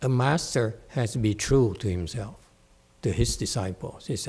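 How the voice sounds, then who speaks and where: A man's voice: medium pitch, moderate pace, darkish tone, slightly rough. A man giving a meditation dharma talk to a class, conversational and playful, checking in often with "okay?". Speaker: meditation teacher.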